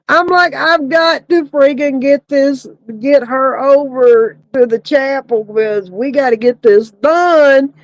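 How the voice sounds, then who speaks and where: A woman's voice: sits high, slow, hardly any pauses, no room sound, low-quality recording. A woman casually telling a funeral home story, often breaking into laughter. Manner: laughing, Southern-style folksy storytelling.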